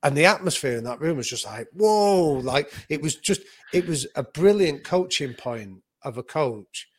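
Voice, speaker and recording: A man, a boxing coach and author, telling a story in vivid anecdotal detail, with quick restarts as he goes. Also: fairly high pitch, expressive, slightly rough. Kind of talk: animated conversational storytelling.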